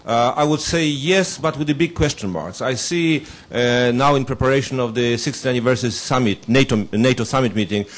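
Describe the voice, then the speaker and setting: A man speaks up from the audience at a forum. He talks haltingly, with many fillers and pauses as he searches for words. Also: medium pitch. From Poland. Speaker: audience member. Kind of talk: question from the floor.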